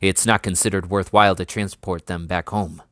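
A man voicing a stiff, reluctant army major who speaks quietly but firmly, in a storybook reading. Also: low-pitched, level tone, normal speed, no echo, clean studio sound.

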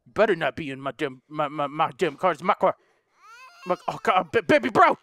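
A man doing let's play commentary, excitable, narrating his moves and shrieking and swearing at scares. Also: high-pitched, brisk. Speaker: gaming YouTuber.

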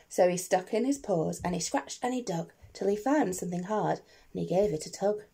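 A woman teacher reading a rhyming picture book aloud to children, expressive and playful, asking the listeners questions. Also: on the low side, moderate pace, gravelly, slightly rough.

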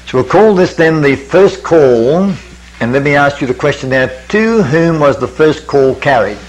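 Older guy preaching a bible study at a camp meeting, measured and teacherly, keeps asking the crowd questions. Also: a little high, expressive, low-quality recording. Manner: measured, questioning teacher, quotes scripture in King James wording.

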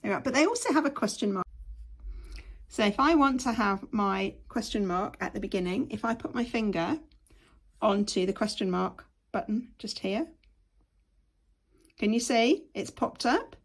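A woman's voice: mid-range voice, expressive, moderate pace, pauses often, slightly rough. A woman, teaching patiently and step by step in a screen-share tutorial. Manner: patient, step-by-step, frequent "okay".

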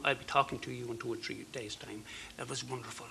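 Irish guy in his 50s, gravelly bright voice, earnest halting story, some bits near whispered. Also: mid-range voice, slight background noise. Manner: earnest, halting, with fillers and soft dropped phrases. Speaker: guest. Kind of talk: personal storytelling.

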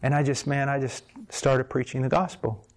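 A male preacher delivering a sermon, moving between plain narration and passionate bursts of intensity. His voice sits at a middle pitch, and his talk is conversational and full of feeling. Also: normal speed. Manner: animated storytelling with sudden surges of intensity. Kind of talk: sermon with personal story.

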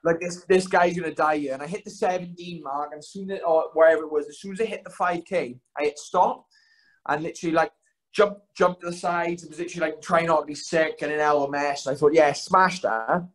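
Young man, casual guest, quick and slightly high, rambling self-deprecating storyteller. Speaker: guest, fighter. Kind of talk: casual podcast chat.

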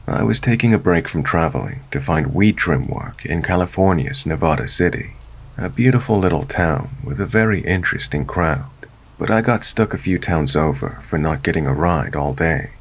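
A man narrating a true scary story in a steady, measured storytelling voice. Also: deep voice, slightly rough. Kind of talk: scripted narration.

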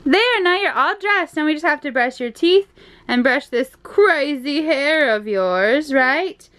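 A woman's voice: high voice, lively intonation, a little slow, a bit bright. A woman vlogging at home as a mom, chatting casually and using playful baby talk with her toddler, laughing often. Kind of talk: casual home vlog chat.

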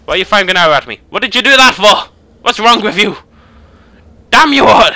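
A British man voicing a talking male skull who gets loud and outraged, raising his voice high. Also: sing-song, moderate pace, no echo, exaggerated voice. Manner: loud, raised, outraged squawking. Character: indignant talking skull named Sebastian, male.

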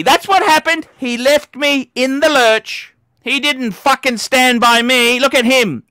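A man hosting a livestream, ranting angrily with profanity and lots of repetition, shouting in bursts. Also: very high voice, measured pace, dry recording, studio quality. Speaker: livestream host. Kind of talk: angry livestream rant.

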